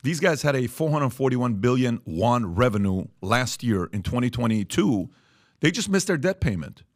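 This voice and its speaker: Animated man with fillers and repeats. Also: mid-range voice, normal speed, no echo, clean studio sound. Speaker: podcast host. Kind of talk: casual studio talk.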